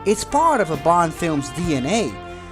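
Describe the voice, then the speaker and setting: A man's voice: on the high side, very animated, unhurried, music in the background. A Dutch man narrating his own fan video in a scripted, earnest and enthusiastic way, speaking English as a second language. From Netherlands. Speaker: channel host.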